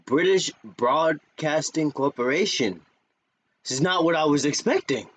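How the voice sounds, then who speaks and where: A man's voice: fairly high pitch, measured pace, a little hiss or hum. A man making loose, slangy remarks to viewers in a casual reaction clip.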